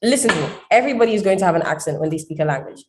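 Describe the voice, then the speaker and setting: Lowish voice woman hyping people up, forceful. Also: lively intonation, background noise. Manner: forceful, encouraging, rapid. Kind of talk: motivational advice.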